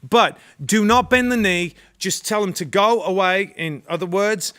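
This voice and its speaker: Emphatic British man, high voice. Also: a little slow, sharp tone, smooth. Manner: emphatic, rallying. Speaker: co-host. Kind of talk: political commentary chat.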